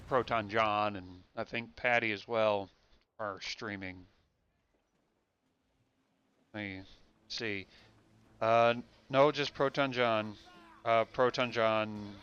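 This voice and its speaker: A man's voice: fairly low pitch, bright, forceful tone, clear, resonant tone, dull audio. A young man chatting casually and rambling while he streams a game, often restarting his sentences. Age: young adult. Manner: rambling, self-correcting chat. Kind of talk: casual gameplay commentary.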